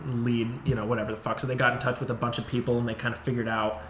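A man's voice: medium pitch, flat delivery, rapid-fire, a bit bright. A man co-hosting a podcast, telling a story in casual, profane chat and laughing often. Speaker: podcast co-host. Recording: roomy sound with faint noise.

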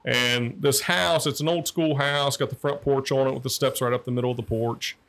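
A man's voice: mid-range voice, fairly even intonation, moderate pace, fairly bright tone. A man, a former liquor enforcement agent, telling rambling, profane stories in casual chat, repeating words as he restarts sentences. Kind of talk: casual anecdotal storytelling.

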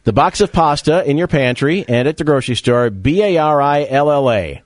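A man's voice: on the high side, animated, moderate pace, no echo. A man hosting a casual radio talk show, joking and quizzing his co-host.

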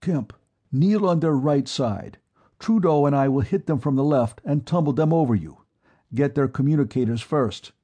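Tough old-soldier sergeant major, brisk orders, as a guy reads him, husky tone. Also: fairly high pitch, dark tone, voice pushed up. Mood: commanding. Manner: brisk, commanding.

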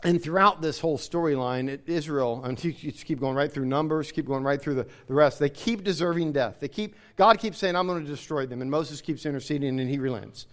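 A man's voice: on the high side, a little fast, few pauses. A man preaching a sermon, explaining scripture and reading passages aloud with emphasis. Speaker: pastor.

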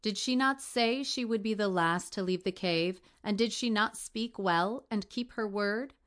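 A woman voicing a devoted, gentle young girl in a storybook reading. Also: mid-range voice, measured pace, natural voice. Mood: earnest gentle.

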